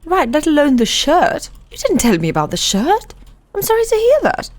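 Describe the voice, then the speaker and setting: A woman's voice: high-pitched, huge pitch swings, moderate pace, a little mellow. A woman roleplaying in character over voice chat, teasing and playful.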